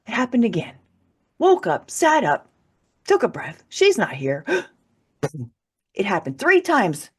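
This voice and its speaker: A woman author guesting on a podcast speaks slowly with long pauses, her fairly high, slightly rough voice swooping wildly in pitch. She candidly tells an emotional personal story, swearing freely and laughing through the hard parts.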